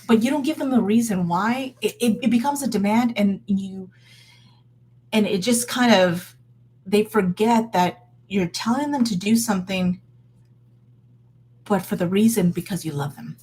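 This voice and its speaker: A woman's voice: mid-range voice, darkish tone, slightly rough. A woman in her thirties talking casually and earnestly to her viewers, encouraging and full of fillers and restarts. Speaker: vlogger. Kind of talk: casual faith vlog talk.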